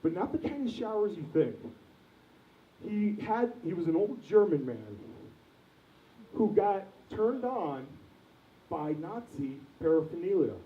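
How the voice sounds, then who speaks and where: A man's voice: high-pitched, big pitch swings, measured pace, pauses often, far from the mic. Young man doing crude stand-up. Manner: crude, rambling, quizzes the audience. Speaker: stand-up comedian. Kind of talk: stand-up comedy set. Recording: echoey lo-fi club recording from afar.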